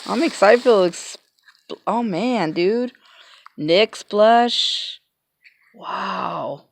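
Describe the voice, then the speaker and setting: A woman in a casual unboxing vlog, talking in a grateful, emotional way with many pauses, fillers and restarts. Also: mid-range voice, gravelly. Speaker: vlogger. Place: home, passing cars heard outside.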